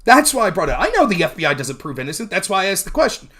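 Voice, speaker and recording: A man's voice: high-pitched, sing-song, racing, fairly bright tone. A man hosting a political talk show, recapping a debate in a heated, argumentative way with emphatic, sometimes profane remarks. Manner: argumentative, mimics opponents mid-sentence.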